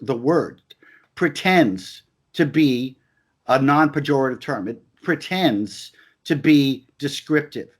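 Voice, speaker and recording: A man's voice: on the high side, slightly rough. A man in a heated conversational discussion, talking emphatically and repeating his points with stammered restarts.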